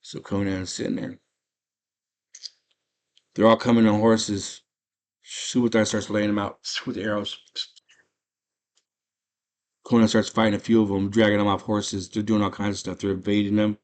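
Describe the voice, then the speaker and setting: A man retells a film's plot in loose, slangy, eager storytelling. His voice sits on the low side, and he rambles through the scenes with relish. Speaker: movie channel host. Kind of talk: casual movie recap.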